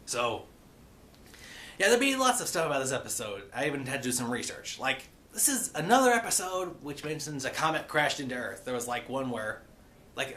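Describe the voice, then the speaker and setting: Guy rambling thru a cartoon recap, lots of uhs, bright voice, tosses in a pirate arr. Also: mid-range voice, slight background noise. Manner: rambling, with many fillers and a playful pirate growl. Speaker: cartoon episode reviewer. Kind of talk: casual episode recap.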